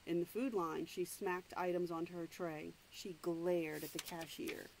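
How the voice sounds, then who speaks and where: A woman's voice: fairly low pitch, steady tone, creaky, darkish tone, a little hiss or hum, poor audio. A woman reading a novel aloud, stopping now and then to explain the story in her own words. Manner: plain, unhurried read-aloud narration with asides. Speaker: reader.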